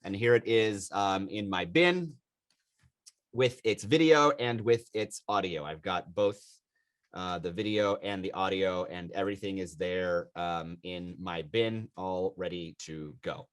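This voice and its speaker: A man's voice: low voice, a little slow. A man teaching a class on video editing, emphatic and repeating key points for stress.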